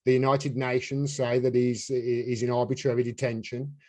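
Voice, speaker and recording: A man's voice: medium pitch, flat delivery, normal speed, a little mellow. A man hosting a casual political chat, talking in a heated, indignant way and swearing freely. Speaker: podcast host.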